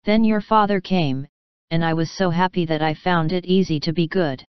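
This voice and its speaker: A woman voicing a calm, tender middle-aged mother in a storybook reading, slightly dull lo-fi audio. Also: fairly low pitch, normal speed, clean tone, dry recording, close to an everyday voice. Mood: reflective.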